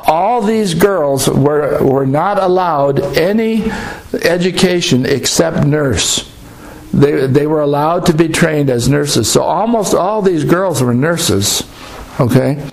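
Rambling older man with a gravelly voice. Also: on the high side, poor audio. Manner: rambling, halting, with restarts and hesitations. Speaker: storyteller recounting a trip. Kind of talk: casual spoken recollection.

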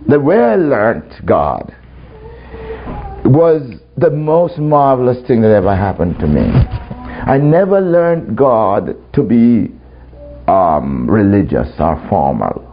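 Animated preacher man, dull lo-fi recording. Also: on the low side, slow pace, a little hiss or hum. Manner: laughs often, acts out quoted voices. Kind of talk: storytelling sermon. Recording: dull lo-fi recording, faint background.

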